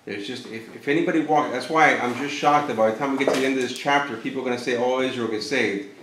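A man at medium pitch leads a casual Bible study, speaking loosely and acting out quotes with sudden leaps in voice. His talk rings through a roomy church with clear echo. He sounds like a pastor teaching his class. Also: fast talker, noisy background. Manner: animated, acts out quotes with sudden jumps in voice. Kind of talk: conversational Bible lesson.

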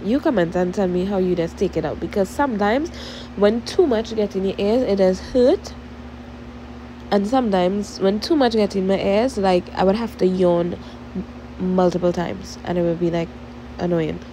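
A young woman with a Trinidadian accent talks straight to her audience in a loose, chatty vlog style, drifting from one thought to the next. Her voice is mellow and soft rather than bright. A faint hiss of noise sits behind her. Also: mid-range voice, normal speed, rough recording. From Trinidad and Tobago. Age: young adult. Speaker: vlogger. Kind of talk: casual chat to viewers.

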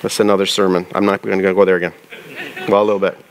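A man who pastors a church, preaching a conversational sermon, often asking his listeners questions and reading scripture aloud slowly. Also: sits low, little pitch movement, slight background noise.

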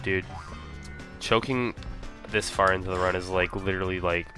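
A man's voice: low voice, steady tone, normal speed, over music. A man casually commenting on his own speedrun, rambling with lots of "like" and "um". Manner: rambling, full of "like" and "um".

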